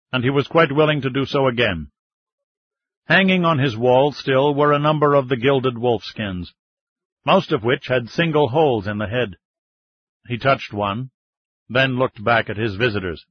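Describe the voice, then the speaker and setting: A man narrating a novel in a steady, measured way. His mid-pitched voice has a husky grain. The recording is close and dry, with a slightly muffled, dull tone. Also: no echo. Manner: steady, even storytelling. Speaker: audiobook narrator. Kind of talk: scripted narration.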